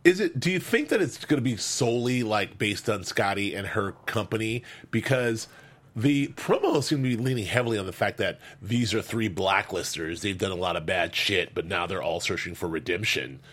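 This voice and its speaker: A man from Los Angeles co-hosting a casual chat about a TV show, telling stories in a rambling, animated way with lots of restarts. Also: lowish voice, moderate pace. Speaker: co-host.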